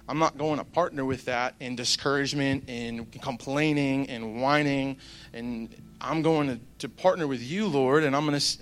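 A man's voice: medium pitch, a bit bright. A young man giving a casual devotional talk, rambling and conversational with plenty of fillers. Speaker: Christian speaker.

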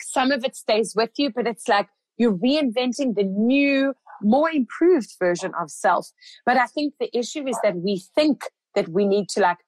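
A woman's voice: fairly high pitch, no room sound, poor audio. A woman hosting an interview as a coach, talking in an affirming, encouraging way. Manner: affirming, encouraging, full of backchannels. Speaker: host and coach running a group program for mothers. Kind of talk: conversational podcast interview.

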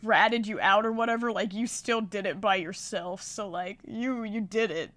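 A woman's voice: medium pitch, steady tone, moderate pace, a bit bright, no echo. A young woman in her twenties from Washington State, telling rambling stories on a casual podcast, full of fillers and tangents. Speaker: podcast co-host.

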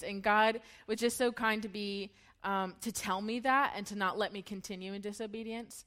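A woman's voice: on the high side, fairly even intonation, moderate pace, hardly any pauses, fairly bright tone. A woman in her thirties shares a personal testimony with a church group. She talks candidly and emotionally and laughs often between her sentences. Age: 30s. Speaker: church speaker.

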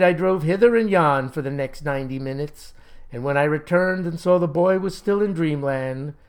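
Guy telling a funny yarn, folksy old-timey wording, deadpan, voice sits a bit high. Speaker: storyteller. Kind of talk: first-person comic storytelling.

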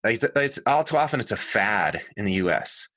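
Middle-aged man, interview guest; earnest, lively storyteller with a low, forceful voice and a dry, close sound. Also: brisk, dry recording. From United States. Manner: earnest, animated, self-correcting. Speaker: guest, water harvesting designer and author. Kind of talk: conversational storytelling.

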